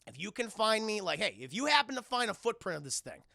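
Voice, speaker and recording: A man voicing a gruff, cursing army general. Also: high voice, very animated, fast, sharp tone, dry recording, studio quality, voice pushed up, full character voice. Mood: angry. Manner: barking, profane.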